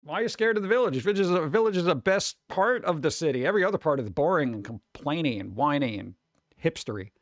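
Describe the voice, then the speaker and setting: A man chatting casually on a live stream, reading chat and reacting with quick exclamations. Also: fairly high pitch, expressive, no echo.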